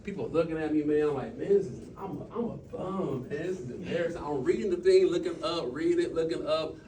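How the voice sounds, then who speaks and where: Animated storytelling man, a bit distant. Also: fairly high pitch, slight background noise. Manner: storytelling, animated, quick bursts and trailing asides. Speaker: speaker at a team meeting. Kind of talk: impromptu motivational talk.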